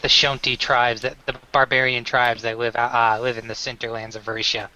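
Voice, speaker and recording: Bright-voiced rambling game master. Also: male voice, medium pitch, level tone, normal speed, slight background noise, poor audio. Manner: rambling, many fillers and restarts. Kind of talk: narrating a tabletop game.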